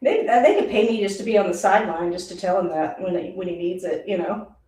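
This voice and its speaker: A woman talking through a live football game as a streamer, chatty and rambling and often laughing. Her voice is mellow and a little dark. It sits away from the mic in an echoey room. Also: mid-range voice, quick pace. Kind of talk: casual live play-by-play reaction. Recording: roomy, distant mic.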